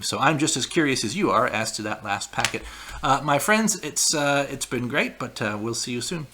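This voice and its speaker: A husky-voiced male teacher talks students through a packet of word roots. His tone is bright and his pitch moves a lot as he explains in a relaxed, casual way, checking in with "right?" as he goes. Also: normal speed. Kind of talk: recorded lesson walkthrough.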